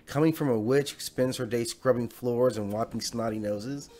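A man's voice: medium pitch, moderate pace, warm tone, soft background music, lightly acted. Jeannie, a purring taunting genie, as a man puts her on. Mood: menacing. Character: taunting female genie, smug and menacing.

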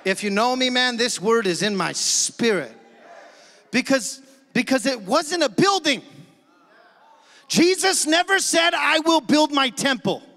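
A man's voice: extremely high pitch, expressive, measured pace, long pauses, bright, forceful tone. A male pastor preaching a sermon with emphatic energy, calling out to his congregation in a church sanctuary. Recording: long church hall reverb.

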